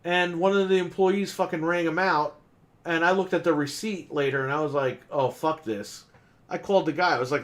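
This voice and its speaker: A man with a slightly high voice rants in a casual podcast chat. He is exasperated and swears freely. He acts out each side of an argument with customers at his shop. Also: normal speed. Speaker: podcast co-host and game store owner. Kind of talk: casual ranting story.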